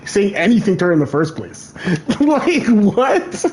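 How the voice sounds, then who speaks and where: A high-pitched man with big pitch swings talks a little slowly over crowd noise while streaming a game. His chat is a rambling, curse-heavy string of stories full of repeated phrases.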